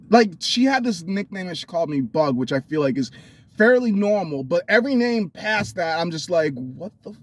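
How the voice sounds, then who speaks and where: A man telling a candid personal story to his viewers, blunt and profane, rambling with restarts. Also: fairly high pitch. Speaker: vlogger.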